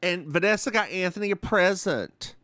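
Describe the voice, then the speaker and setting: A man's voice: high-pitched, moderate pace, no echo. Sassy chatty man with a Southern accent. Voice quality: animated, sassy asides. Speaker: podcast co-host. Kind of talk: casual chat recapping a TV episode.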